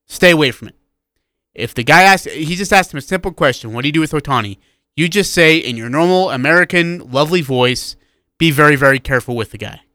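A man co-hosting a sports talk radio show, giving animated opinions in casual chat. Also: fairly high pitch, smooth, dry recording.

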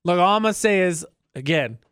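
A man co-hosting a radio show, teasing and animated in casual banter, often restarting his sentences. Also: high-pitched, fairly quick, clean tone, dry recording, studio quality.

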